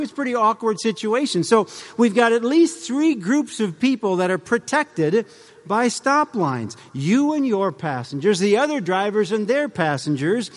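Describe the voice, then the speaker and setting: A man's voice: sits high, long reverb tail. A middle-aged man addressing a live audience in a conversational way, with rhetorical questions and humorous asides.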